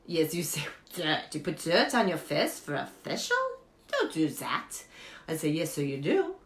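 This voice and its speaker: A quirky beauty guru, as a woman puts her on, talks with earnest, deadpan confidence and broken English. Her fairly low voice swings up and down with lively pitch. She is heard in a roomy, echoing space. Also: unhurried, full character voice. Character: eccentric foreign woman giving absurd beauty tips. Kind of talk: improvised comedy character monologue. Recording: echoey room.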